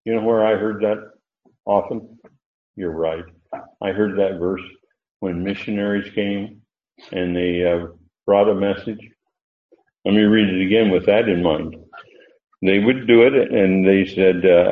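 Older guy preaching a bible study, lowish voice, lots of uh's, echoey dull recording. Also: steady tone. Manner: unhurried, halting, many fillers. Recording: roomy, dull lo-fi sound.

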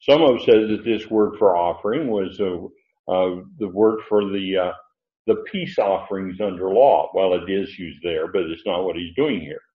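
Low-voiced male preacher, unhurried Bible teaching with fillers, roomy muffled recording. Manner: unhurried, digressive, many fillers. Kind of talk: sermon, verse-by-verse Bible teaching.

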